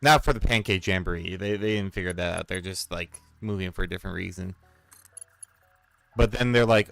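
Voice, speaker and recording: A man chatting casually and rambling while playing a game, swearing freely and getting excited. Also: lowish voice, fairly quick, gravelly, soft background music. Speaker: streamer and storyteller.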